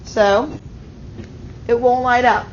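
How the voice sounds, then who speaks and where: A woman's voice: fairly high pitch, steady tone, slow, slight background noise. A woman teaching a chemistry class, explaining step by step and often checking in with the students. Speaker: high school chemistry teacher. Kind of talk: classroom lecture. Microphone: auto-tracking camera mic. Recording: slightly muffled classroom recording.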